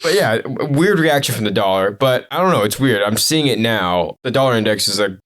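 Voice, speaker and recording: A man co-hosting a podcast, chatting casually about markets and thinking out loud with many restarts and quick laughs. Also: medium pitch, expressive. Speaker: podcast co-host.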